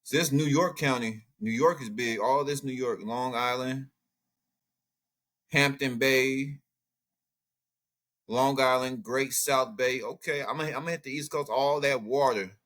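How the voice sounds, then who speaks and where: An outspoken man talks through a news reaction in loose, animated commentary. His voice is bright and forward at a mid pitch, and he muses aloud while he looks things up. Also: a little slow. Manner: animated, outspoken, thinks aloud while browsing maps and texts. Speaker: commentary channel host.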